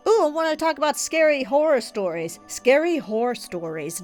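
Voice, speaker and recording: A woman's voice: high voice, sing-song, normal speed, faint music behind. Giggly stuffy-nosed woman streamer. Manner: giggly, rambling storyteller. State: stuffy nose. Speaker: game streamer. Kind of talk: casual live-stream chat.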